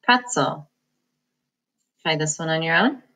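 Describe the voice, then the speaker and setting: A woman's voice: fairly low pitch, moderate pace, a bit bright, rough recording. A woman teaching a phonics lesson, patiently sounding out words syllable by syllable. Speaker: reading teacher.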